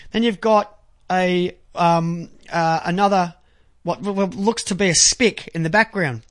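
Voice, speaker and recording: A man ranting crudely to camera, halting when he reads aloud. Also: high voice, fairly bright tone. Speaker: vlogger. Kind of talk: angry profane monologue to camera.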